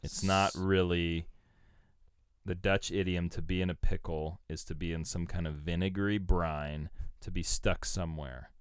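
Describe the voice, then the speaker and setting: A man's voice: low-pitched, steady tone, normal speed, clear, resonant tone, dry recording, clean studio sound. A man co-hosting a podcast in a playful, jokey way, reading out research notes between asides. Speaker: podcast co-host. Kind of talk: casual chat.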